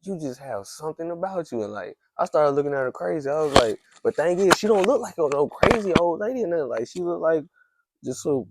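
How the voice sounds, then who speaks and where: A man's voice: fairly high pitch, sing-song, fairly quick, very noisy. A man hosting a podcast, telling a story in a casual, rambling way with lots of restarts. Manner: rambling, heavy use of "like", frequent restarts. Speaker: podcast host.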